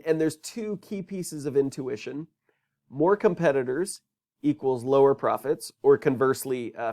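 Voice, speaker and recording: A man's voice: mid-range voice, creaky, darkish tone. A man teaching a business course in a recorded lecture, talking conversationally and asking rhetorical questions.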